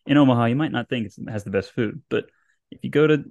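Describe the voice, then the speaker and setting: A man's voice: medium pitch, fast, gravelly, darkish tone, no room sound, dull audio. A man co-hosting a casual podcast, easygoing and hesitant, often circling back mid-sentence. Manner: easygoing, hesitant, full of fillers and restarts. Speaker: podcast co-host.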